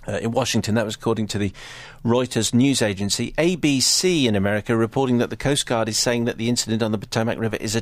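A man presenting a live radio show, reading listener messages and news updates in a brisk, wry manner. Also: medium pitch, no room sound. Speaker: radio host.

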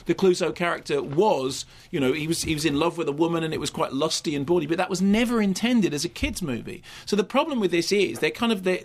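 A man reviewing a film on a radio show, talking fast and rambling with many restarts. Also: on the high side. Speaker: film critic.

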